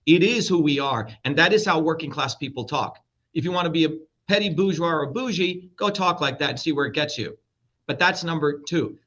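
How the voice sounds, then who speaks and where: A man's voice: on the high side, expressive, fairly quick, a bit bright. A middle-aged man from India, a presidential candidate talking as a guest, blunt, combative and profane. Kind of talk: heated interview talk. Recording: dull lo-fi audio.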